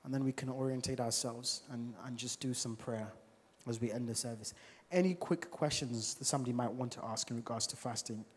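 A male preacher giving a church sermon, animated and full of rhetorical questions to the congregation. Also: medium pitch, fairly quick, a little hiss or hum. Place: church service. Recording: long reverb of a large church hall.

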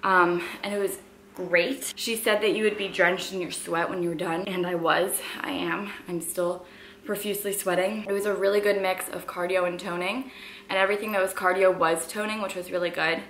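A woman's voice: on the low side, steady tone, a little fast, fairly bright tone, a little hiss or hum. A woman fitness vlogger chatting casually at home in an upbeat, filler-heavy way. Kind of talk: casual vlog chat.

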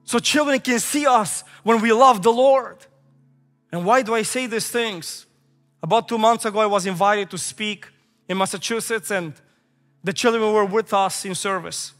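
A man's voice: high-pitched, moderate pace, a bit bright. A male pastor in his thirties preaching a sermon, emphatic and repetitive, weaving in stories from his own family. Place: large church sanctuary. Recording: echoey hall with faint music.

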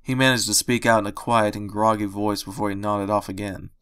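A man reading fan fiction aloud as first-person narration, in a steady storytelling way on a close, dry microphone. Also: on the low side, brisk, smooth, no echo.

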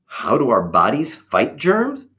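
A man narrates a children's picture book at an unhurried pace. His pitch swings widely as he tells the story, keeping it vivid and animated for young listeners. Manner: slow, expressive storytelling. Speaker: storybook reader.

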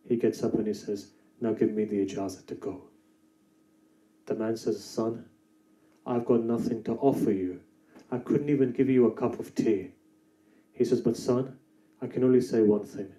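A male preacher with a mellow, warm tone tells a story to his congregation and presses his points with fervor. His voice carries through an echoey mosque hall. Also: mid-range voice. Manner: storytelling, rising to fervent emphasis. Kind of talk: sermon.

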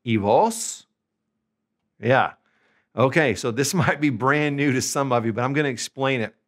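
A man from the United States giving an upbeat, conversational online language lesson, slowing down to stretch out example words. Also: mid-range voice, fairly bright tone. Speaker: language teacher.

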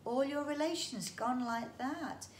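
A woman's voice: high voice, a little slow, a little hiss or hum, pitched above the performer's own voice. A woman voicing an earnest, sympathetic young girl. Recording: roomy echo.

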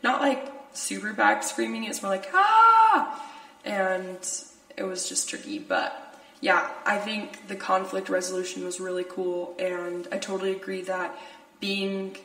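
A woman's voice: medium pitch, flat delivery, unhurried, a bit bright. Chatty young woman in an echoey room. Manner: chatty, laughing often, lots of filler "like". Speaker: podcast host. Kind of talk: casual chat. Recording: echoey room, distant from mic.

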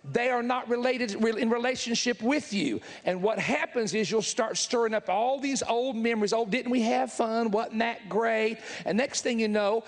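Southern preacher guy, kinda high voice, blunt and folksy, big echo off the hall. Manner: blunt, folksy, emphatic preaching with crowd asides. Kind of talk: sermon. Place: large church hall with live audience. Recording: echoey hall reverb.

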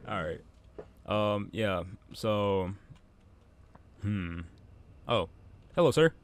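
A man's voice: on the low side, a little hiss or hum. A man giving casual gameplay commentary, joking, swearing and talking to himself. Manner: joking, profane, talks to himself. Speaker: gaming YouTuber.

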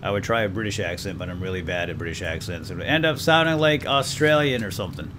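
A man's voice: deep voice, lively intonation, quick pace, background noise. A man hosting a let's play, chatting casually and self-deprecatingly to viewers and now and then barking playful orders at his game crew. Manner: breaks into loud mock-commanding calls at the game crew. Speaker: gaming channel host.

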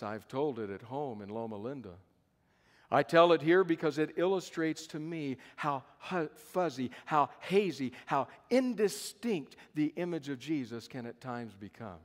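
Slow dramatic preacher in a reverberant hall. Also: male voice, fairly high pitch. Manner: dramatic storytelling with emphatic repetition. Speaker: pastor. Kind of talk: sermon. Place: conference hall.

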